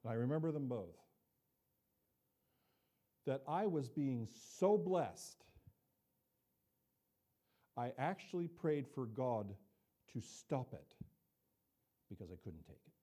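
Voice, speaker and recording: A man's voice: medium pitch, big pitch swings, slow pace, long pauses, mellow. An older man preaching a sermon as pastor, talking conversationally and often checking in with the congregation with asides.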